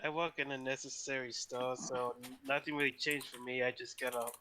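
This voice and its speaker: A man in casual group chat, relaxed and joking. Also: medium pitch, brisk, a little hiss or hum, poor audio.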